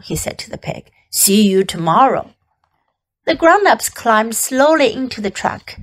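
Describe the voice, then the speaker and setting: A woman teacher reads a children's novel aloud, with a high voice and a slow pace. Every word is clear and carefully spaced. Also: rough recording. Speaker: English teacher reading aloud. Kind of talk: storybook reading.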